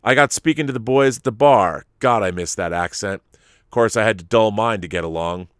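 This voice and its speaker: A man's voice: on the low side, normal speed, smooth, no room sound, studio quality, close to an everyday voice. An actor playing a slightly drunk former spy from Liverpool in his fifties, giving a rambling, sardonic, sweary confession with a Liverpool accent in an audio drama monologue. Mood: rueful confession. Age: 50s.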